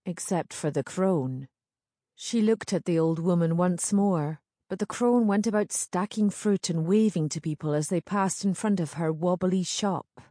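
In a measured, steady storytelling voice of medium pitch, a female audiobook narrator reads a historical novel as scripted narration. The recording is dry and studio quality.

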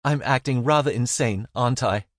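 A man's voice: mid-range voice, moderate pace, no echo, clean studio sound, pitched above the performer's own voice, close to an everyday voice. A man putting on a lilting young foreign woman. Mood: guarded, insistent. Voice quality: lilting accent. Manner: sharp, demanding questions.

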